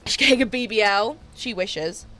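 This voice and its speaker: A woman's voice: medium pitch, normal speed, pushed and bright. A woman streaming a game, chatting casually with viewers, giggling often and filling her talk with "um" and "like.". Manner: chatty, giggly, many fillers like "um" and "like". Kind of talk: casual livestream chat while gaming.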